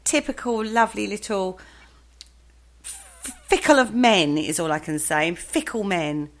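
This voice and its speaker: A woman's voice: mid-range voice, a little slow, faint music behind. A woman co-hosting a folklore podcast, playful and teasing, laughing at her own stumbles over names. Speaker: podcast co-host. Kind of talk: casual chat about folklore.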